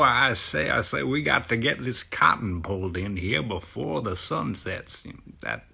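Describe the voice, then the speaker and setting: A man's voice: low-pitched, creaky, sharp tone, slightly rough. A man in his thirties with a Kentucky accent giving a chatty, opinionated monologue with lots of uh fillers. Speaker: vlogger.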